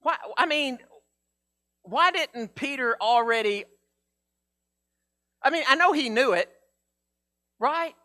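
A man preaching a sermon in a casual, conversational way, acting out Bible figures in a low mumble. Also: animated, takes it slowly, pauses often, pushed and bright. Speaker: pastor.

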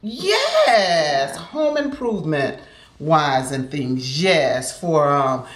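Lively older grandmother, echoey room. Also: sits low, very slow. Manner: chatty, rambling, trails off into fillers. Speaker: family guest, grandmother. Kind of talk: casual chat.

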